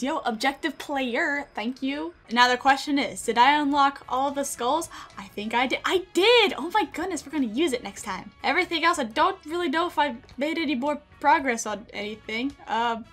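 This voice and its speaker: A woman giving excitable, self-deprecating commentary over her own gameplay, laughing often. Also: high voice. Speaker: gaming video creator.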